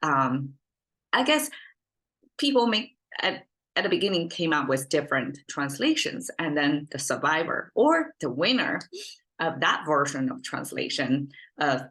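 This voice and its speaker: Low-voiced woman with a Chinese accent. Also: animated, normal speed, a bit bright. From China. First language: Mandarin Chinese. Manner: thinks aloud with many fillers and restarts. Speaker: language teacher. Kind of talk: unscripted explanatory lesson.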